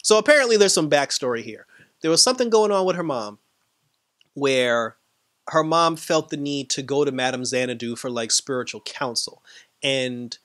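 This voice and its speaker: A man giving a casual, animated recap of a TV episode, acting out what the characters said and laughing often. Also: mid-range voice, moderate pace, no echo. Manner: animated retelling, quoting characters, frequent laughs. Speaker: TV episode reviewer.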